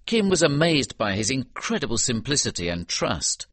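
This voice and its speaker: A man narrating a storybook in a clear, measured way. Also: mid-range voice, sing-song, fairly bright tone, no echo. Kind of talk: scripted audiobook narration.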